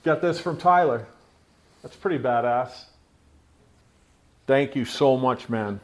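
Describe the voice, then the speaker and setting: A man's voice: mid-range voice, slow. A man from Pennsylvania hosting a casual unboxing vlog, talking loosely with lots of swearing and rambling asides. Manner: scolds his pet mid-talk. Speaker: tattoo channel host.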